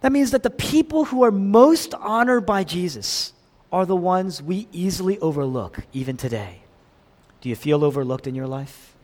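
A man preaching a sermon in a dramatic way, swinging between loud emphasis and hushed, near-whispered lines. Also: high voice, expressive, moderate pace. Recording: long hall reverb.

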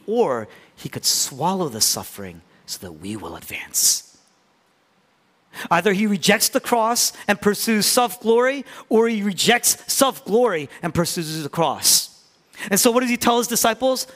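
A man's voice: a little high, sing-song, moderate pace. Man preaching in a reverberant hall. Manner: swings between loud declarations and hushed near-whispers. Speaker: pastor. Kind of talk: sermon. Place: church hall.

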